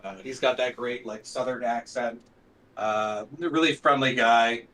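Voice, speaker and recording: A man's voice: medium pitch, steady tone, measured pace, fairly bright tone, recorded from a distance. Laid-back male co-manager with dry wit, voice set back from the mic. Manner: easygoing, dry humor, frequent "uh". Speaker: co-general manager. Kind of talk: casual live draft commentary.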